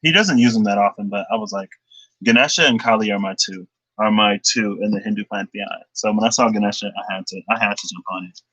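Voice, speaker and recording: Chatty young man, bright dry voice. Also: fairly low pitch, quick pace, husky, no echo, rough recording. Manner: rambling, chatty, laughs often, lots of fillers. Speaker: tarot card reader. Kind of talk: casual livestream chat. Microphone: laptop webcam.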